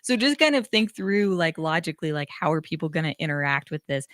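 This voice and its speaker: Animated woman, laughing guest. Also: low-pitched, a little fast, no room sound, clean studio sound. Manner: animated, laughs often, acts out exchanges. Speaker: marketing agency owner, guest. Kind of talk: casual interview chat. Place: radio studio.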